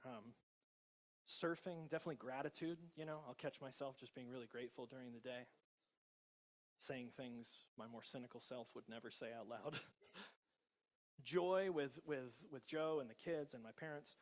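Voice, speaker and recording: In a mid-range voice at normal speed, the American-accented pastor gives a relaxed sermon. He chuckles often and keeps turning to the congregation with tag questions, keeping things conversational.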